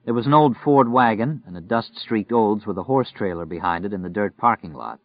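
Low-voiced man narrating steadily. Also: animated, a little fast, no echo. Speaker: audiobook narrator. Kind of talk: scripted narration. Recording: dry, muffled recording.

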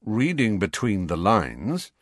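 A man voicing a breezy, teasing teenage schoolboy with a brisk, offhand delivery. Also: on the low side, very animated, no room sound, clean studio sound, exaggerated voice.

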